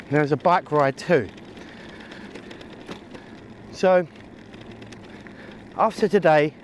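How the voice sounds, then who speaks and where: Out cycling through countryside and city, a vlogger chats loosely and jokily about his ride, poking fun at himself and talking to himself. He has a high, slightly mellow voice, and faint traffic and outdoor noise can be heard.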